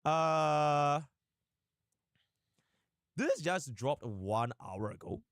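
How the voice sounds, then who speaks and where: A man live streaming and chatting casually, animated and rambling, with sudden fast bursts. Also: a little high, dry recording, studio quality.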